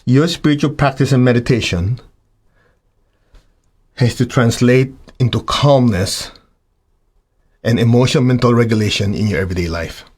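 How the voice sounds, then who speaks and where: A man teaching students about spiritual practice in a lively, conversational way. He keeps jumping into little acted-out voices, sometimes high and exaggerated, then settles back into a calm middle-pitched delivery. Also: moderate pace, pauses often, slightly rough. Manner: animated, acts out voices of students and himself.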